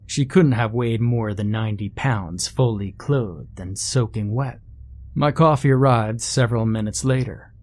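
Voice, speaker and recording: A man reads a first-person horror story aloud in a measured storytelling style. His voice sits in a middle register, and he drops in casual conversational asides. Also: mid-range voice, darkish tone. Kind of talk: scripted horror story narration.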